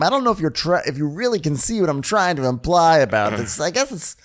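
Animated woman laughing through a recap. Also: low-pitched, fast, hardly any pauses. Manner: laughing, acts out quotes with shifted voices. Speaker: podcast co-host. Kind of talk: comedic recap with voices.

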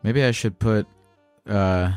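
A man's voice: fairly low pitch, takes it slowly, darkish tone, clean tone, no room sound, faint music behind. A male call-in host who chats casually and cracks crude jokes. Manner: crude, joking banter.

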